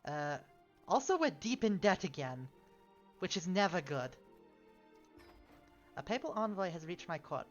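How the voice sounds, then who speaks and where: A woman's voice: fairly low pitch, lo-fi sound. A woman streaming a strategy game, giving casual commentary in a fussy, polite way and often sighing "oh dear".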